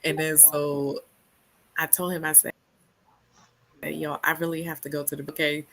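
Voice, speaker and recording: A young woman from New York telling a story in casual chat, animated, often laughing and loudly acting out what people said. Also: low voice, normal speed. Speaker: book club host.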